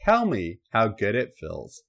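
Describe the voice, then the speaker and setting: A man doing a commanding sinister dark lord. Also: lowish voice, wildly swooping pitch, vocal fry, lo-fi sound, heavily acted. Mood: domineering. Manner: slow, domineering orders. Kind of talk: comedic erotic story reading.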